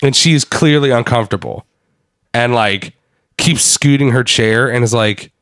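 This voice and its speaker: A young man co-hosting a casual podcast, recapping wrestling in an animated way, swearing freely and acting out what people said. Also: mid-range voice, normal speed, clear, resonant tone, no echo, clean studio sound. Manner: animated, swears a lot, acts out quotes. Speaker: podcast co-host.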